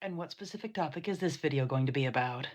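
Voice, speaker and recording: A woman's voice: low-pitched, lively intonation, fast, darkish tone. A woman reading scripted commentary in a sarcastic, dismissive way.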